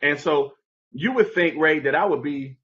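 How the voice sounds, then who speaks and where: A man telling a personal story as an interview guest, animated and conversational, acting out the people in it. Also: fairly high pitch, moderate pace, dull audio.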